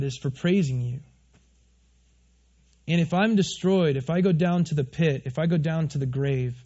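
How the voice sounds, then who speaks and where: A man with a high voice preaches a lively sermon from a church stage, often turning questions back to his congregation. The recording is a little muffled and lo-fi. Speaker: pastor.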